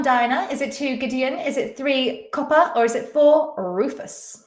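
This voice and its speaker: A woman's voice: high voice, measured pace. A woman hosting a live-stream quiz, chatting casually and reading out viewers' names and answers. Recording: echoey room.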